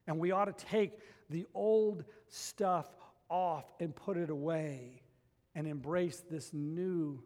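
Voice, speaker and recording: Male pastor, lively sermon storyteller, voice sitting high, long echo of a church hall. Plays out his own past thoughts.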